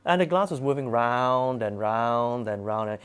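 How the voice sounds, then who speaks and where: A man telling a spooky personal story in a casual, animated and dramatic way. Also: medium pitch, measured pace, clean tone.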